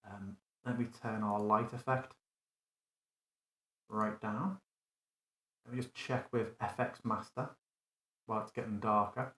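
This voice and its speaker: A man's voice: fairly low pitch, steady tone, measured pace, pauses often, a bit bright, roomy sound. A man running a live tabletop tutorial, thinking aloud casually and correcting himself as he builds a scene. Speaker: game master demonstrating a virtual tabletop. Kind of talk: live screen-recorded tutorial.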